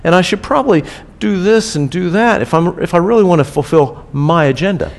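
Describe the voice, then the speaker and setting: A man's voice: sits high, animated, brisk. A man preaching a sermon in a casual, conversational way, repeating key phrases for emphasis. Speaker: pastor. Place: church.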